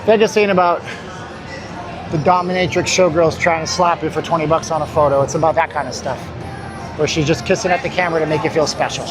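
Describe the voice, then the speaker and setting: This livestream host talks fast in a fairly high, steady voice as he strolls a city street, sounding tired and breathless while he jokes and wanders verbally with his chat. Music plays in the background, and his handheld phone also picks up the noisy street.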